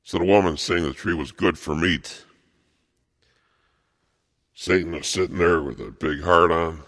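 A man preaching a rambling sermon, halting and repetitive, with many fillers and restarts. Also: deep voice, a bit bright.

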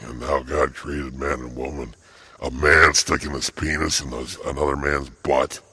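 An older man with an extremely deep, husky voice rants in an agitated monologue, repeating phrases and halting on fillers. His delivery is forceful and tense, and the recording is dry, with no room sound. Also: no room sound. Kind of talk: angry ranting monologue.

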